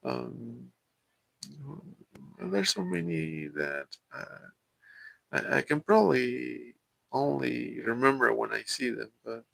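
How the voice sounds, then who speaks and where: A man from Mexico with a Mexican Spanish accent, whose first language is Spanish, chatting on a live stream and answering viewer comments in a halting way with many fillers and restarts. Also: medium pitch, expressive, creaky, fairly bright tone, a little hiss or hum, rough recording. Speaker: livestream host.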